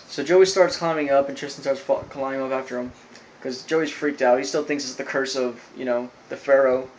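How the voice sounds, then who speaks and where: A man's voice: mid-range voice, lo-fi sound, a little hiss or hum. A young man giving a casual, rambling recap of a cartoon episode, full of fillers and "like". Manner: rambling, filler-heavy storytelling with lots of "like". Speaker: video reviewer.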